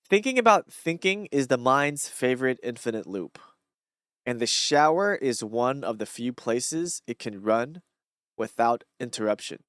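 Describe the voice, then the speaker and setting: A man on a solo stream, rambling and reflective, with a lively, swooping pitch. His voice is close and dry with no room sound. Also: no echo. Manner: rambling, reflective, many fillers and restarts. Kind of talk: casual solo talk reading and musing on thoughts.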